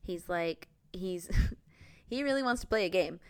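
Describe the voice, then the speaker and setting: Young woman from georgia, podcast co-host, super animated pitch, does little voices for people, dry close mic. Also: clear, resonant tone, no echo. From Georgia, USA. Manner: animated, acts out lines in quick voices, laughs often. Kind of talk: casual chat recapping a film.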